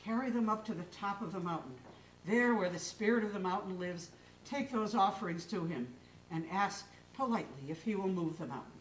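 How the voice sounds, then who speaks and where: A woman voicing an old wise village man who speaks slowly and calmly, in a low, pondering way. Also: a little hiss or hum, lightly acted. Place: live stage in a hall. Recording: echoey hall from far off.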